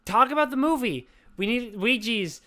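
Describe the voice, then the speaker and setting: A man co-hosting a podcast while drunk, rambling loudly and swearing in casual chat. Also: very high-pitched, expressive, moderate pace. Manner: rambling, loud, profane. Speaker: podcast co-host. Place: at home, on the floor.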